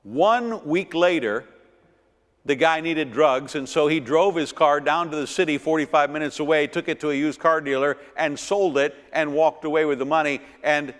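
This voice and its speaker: A middle-aged man teaches a church finance seminar with a fairly high-pitched voice. He drives his points home by repeating words and asking the audience rhetorical questions. His voice carries a long reverb from a church hall. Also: moderate pace. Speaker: pastor and seminar speaker.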